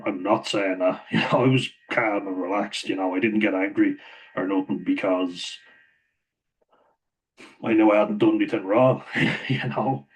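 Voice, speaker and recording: A man's voice: on the low side, measured pace, pauses often, rough recording. A man telling a casual story about his past work, rambling with frequent chuckles and fillers. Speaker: vlogger.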